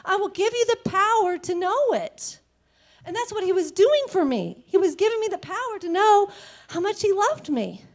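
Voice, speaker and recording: A woman's voice: extremely high pitch, sing-song. A woman giving an earnest, emotional personal faith testimony, near tears. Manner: emotional and earnest, quick to laugh. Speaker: church member giving a testimony.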